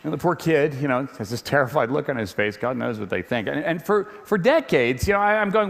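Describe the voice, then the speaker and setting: Animated man talking on a hall stage. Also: mid-range voice, fairly quick, vocal fry, hardly any pauses. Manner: animated, repeats words when getting going. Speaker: speaker giving a stage talk. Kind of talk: lively stage talk.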